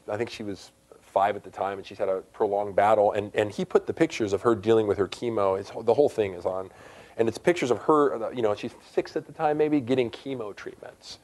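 A middle-aged man, a pastor giving a conversational sermon with loud, emphatic rises in his voice. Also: lowish voice.

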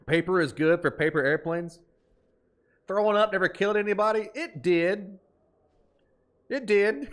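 A man's voice: fairly high pitch, sing-song, brisk. A man with an Appalachian twang, chatting casually while streaming a game, reading chat aloud and laughing easily.

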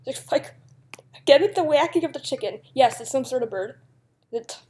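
Animated and high-pitched with a darkish tone, a young woman YouTuber speaks at a moderate pace with long pauses. It's casual gameplay commentary: she reads out a guessing game's questions, answers them, and giggles.

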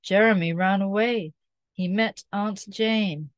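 A woman reading a children's storybook aloud in a clear, careful way, repeating key phrases slowly. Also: medium pitch, fairly even intonation, no echo. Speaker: storybook reader.

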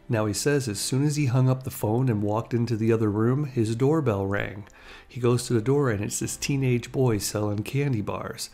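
A man with a gravelly, fry-tinged voice tells stories in a loose, chatty way. He laughs now and then as he goes. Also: mid-range voice, normal speed, warm tone. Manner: chatty, laughs while telling anecdotes. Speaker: host. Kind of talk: casual storytelling.

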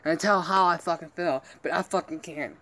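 A man's voice: on the high side, normal speed, sharp tone. A man venting to his viewers in a vlog, upset and rambling, swearing constantly and apologizing for going off. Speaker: vlogger.

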